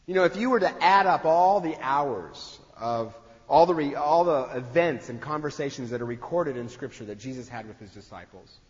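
A man preaching a sermon in a conversational way, acting out the voices he quotes. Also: mid-range voice. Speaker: pastor. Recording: dull sound in a long-echo hall.

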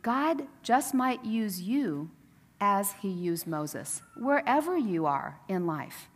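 A woman's voice: mid-range voice, very animated, slow pace. Woman preaching in a reverberant sanctuary. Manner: conversational storytelling, acting out quotes. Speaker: pastor. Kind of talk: sermon. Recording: long reverb of a church sanctuary.

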